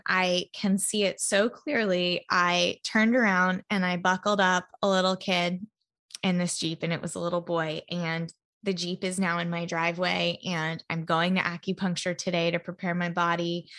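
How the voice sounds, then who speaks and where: A woman's voice: lowish voice, fairly bright tone. A woman talking casually and earnestly in a solo podcast monologue, chatty and spiritual, filling her speech with "like". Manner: chatty, heartfelt, spiritual, full of "like" fillers. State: emotional, near tears at times. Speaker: podcast host.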